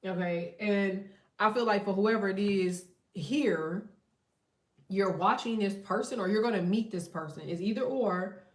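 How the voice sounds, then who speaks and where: A woman's voice: medium pitch, a little slow. A woman chats through a tarot reading in a blunt, slangy, profane way. She sits back from the mic, and the room around her rings with echo. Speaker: tarot reader. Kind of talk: casual tarot reading chat. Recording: roomy echo, distant from mic.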